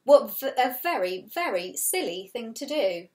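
A woman's voice: a little high, big pitch swings, unhurried, darkish tone. A woman reading as a stern scolding god. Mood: disapproving. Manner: scolding, wagging a finger. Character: stern disapproving male god on a cloud.

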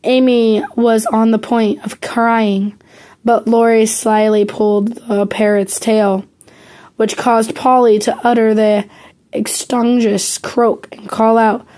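Hoarse female amateur audiobook reader; slow, careful, warm low tone. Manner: slow, careful reading with some slips.

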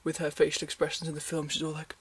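A man with a slightly high voice chats casually to camera from his bed. He rambles and pokes fun at himself, often breaking into a giggle. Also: completely flat delivery, rapid-fire, breathy edge. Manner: rambling, self-deprecating, giggly. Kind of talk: casual vlog chat. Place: bedroom, in bed at night.

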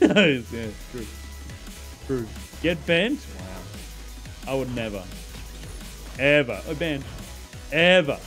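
A man's voice: mid-range voice, a bit bright. Sarcastic, laughing man streaming a game. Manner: joking, sarcastic banter with chat, laughs often. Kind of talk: casual live-stream gaming chat.

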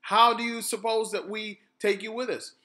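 A man's voice: sits high, little pitch movement, normal speed, bright, forceful tone, pitched above the performer's own voice. A man doing scoffing storybook geese. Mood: incredulous. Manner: incredulous, scoffing. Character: skeptical pair of migrating geese.

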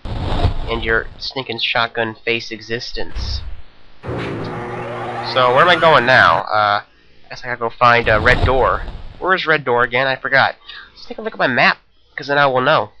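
Young guy doing let's play commentary, bright sharp voice, goofy and rambling, bit of hiss. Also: mid-range voice, normal speed, long pauses, poor audio. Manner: rambling, jokey, talks to himself. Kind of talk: game commentary.

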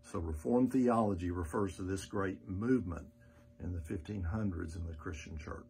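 A man teaching as the pastor on a church podcast, measured and earnest, with frequent "uh" fillers. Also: low-pitched, gravelly, warm tone.

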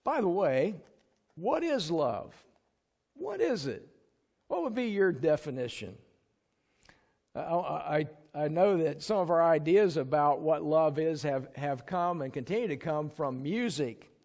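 Chatty male preacher, slightly high voice. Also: lively intonation, a little slow, gravelly, darkish tone. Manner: conversational, chuckles and sings snatches to the congregation. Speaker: pastor. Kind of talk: sermon. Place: church sanctuary.

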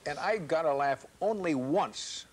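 A man's voice: a little high, expressive, slight background noise. A man hosting a talk show, chatting with guests and teasing them. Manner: quick, chatty, teasing interjections. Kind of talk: casual chat.

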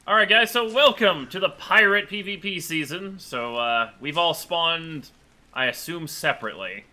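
A man's voice: fairly high pitch, expressive, moderate pace, sharp tone. A man hosting a multiplayer game session in casual chat, joking with puns and explaining the setup.

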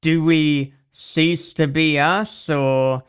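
A man's voice: fairly high pitch, fairly even intonation, extremely slow, clean tone. A man hosting a podcast interview, talking in a thoughtful, casual way and laughing easily. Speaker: podcast host.

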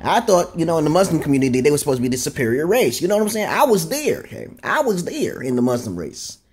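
A man vlogging a rambling, profane monologue, tagging lines with "okay?" and jumping up in pitch for emphasis. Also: quick pace, husky. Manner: animated, jumps up in pitch for emphasis. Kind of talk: casual ranting monologue.

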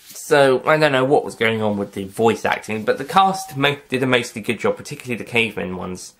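A man's voice: medium pitch, lively intonation, a little fast, fairly bright tone. A man giving a casual, rambling spoken film review, correcting himself often and dropping in light jokes. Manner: rambling, self-correcting, light joking asides.

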